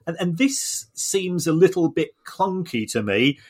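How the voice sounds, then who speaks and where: A man's voice: fairly high pitch, expressive, a little slow, a little mellow, slightly rough. Man explaining, stumbling over repeated words. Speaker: podcast co-host. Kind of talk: casual podcast discussion.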